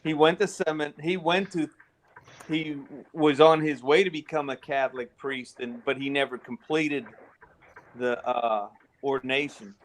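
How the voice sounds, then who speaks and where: A man taking part in a casual online chat, talking in a relaxed way with some restarts. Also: fairly high pitch, unhurried, slight background noise, low-quality recording.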